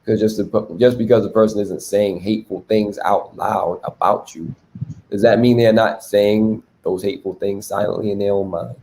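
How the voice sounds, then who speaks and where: A man's voice: on the low side, steady tone, moderate pace, a little mellow, a little hiss or hum. A man hosting a relationship talk on a video call, explaining abuse to a group with many rhetorical questions. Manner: teaching, asks rhetorical questions.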